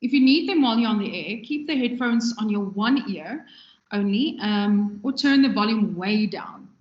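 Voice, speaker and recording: A woman gives a conversational recorded lecture on radio production, gesturing with her hands as she talks. Her mid-range voice is animated and moderately paced, captured in an echoey room with dull lo-fi sound.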